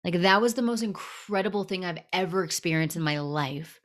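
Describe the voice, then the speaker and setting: A woman in her thirties, a podcast guest telling stories in a lively, casual way and acting out what people said. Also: on the low side, brisk. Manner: animated storyteller, acts out quotes. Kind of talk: casual storytelling interview.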